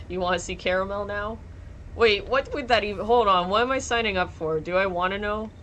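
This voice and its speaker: A woman's voice: mid-range voice, brisk, a bit bright, muffled recording, a little hiss or hum. A young woman streaming from home, chatting casually while gaming, giggling and joking as she reads chat aloud.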